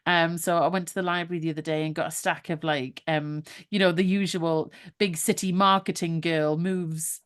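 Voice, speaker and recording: A woman's voice: on the low side, normal speed, hardly any pauses, clear, resonant tone. Chatty woman podcast host. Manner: chatty, laughing, animated storytelling. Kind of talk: casual chat.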